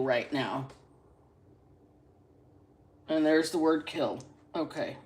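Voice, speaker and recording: A woman hosting a casual live-stream reading into a phone, chatty and salty, stretching out single words between quick asides. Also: deep voice, very animated. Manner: chatty, drawls single words then talks fast. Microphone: phone camera.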